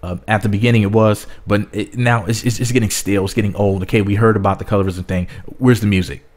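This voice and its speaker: Male vlogger, lowish voice, rambling casual commentary with repeated words. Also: steady tone, quick pace, darkish tone.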